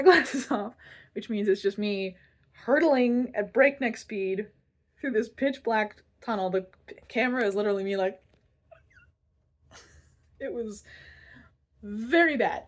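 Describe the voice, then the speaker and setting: A young woman vlogger with a medium-pitched voice shares a personal story candidly and pokes fun at herself. She rambles a bit and often restarts her sentences.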